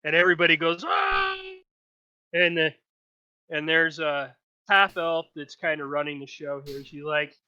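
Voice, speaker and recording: A man running a tabletop game, with a bright, forceful and fairly high voice. He narrates loosely and chattily, often restarting his sentences. The sound is dry and a little dull, like a modest home mic. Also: steady tone, moderate pace, clear, resonant tone, no echo. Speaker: game master.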